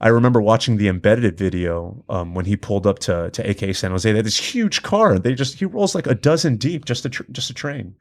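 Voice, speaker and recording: A man with a fairly low voice chats as a podcast guest in a studio. He tells stories in a loose, slangy way and keeps breaking into laughter. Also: animated, brisk, few pauses. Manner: laid-back, slangy, laughs often while telling stories. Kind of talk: casual chat.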